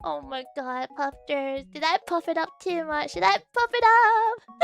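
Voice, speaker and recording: A woman's voice: very high voice, a little slow, vocal fry, soft background music. A young woman streamer chatting casually, giggling often and repeating her words as she talks. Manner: giggly, laughs often between phrases. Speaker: virtual streamer. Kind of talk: casual chat.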